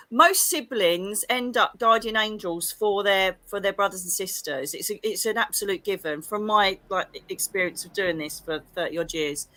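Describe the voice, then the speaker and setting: A middle-aged woman with a bright, forward voice tells stories in an animated, gushing rush. Her sound is dry and close, with no room around it. She chats casually, with frequent exclamations. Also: mid-range voice, moderate pace, hardly any pauses, no room sound. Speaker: psychic medium guest. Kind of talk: casual livestream chat.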